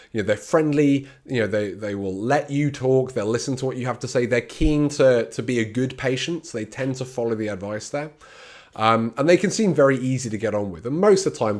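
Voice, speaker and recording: A chatty, extroverted man giving an informal talk on handling patients, candid and personal, acting out patient replies as he goes. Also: mid-range voice. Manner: conversational, acts out patient replies in quoted voices. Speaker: clinical communication trainer. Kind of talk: informal teaching talk to camera.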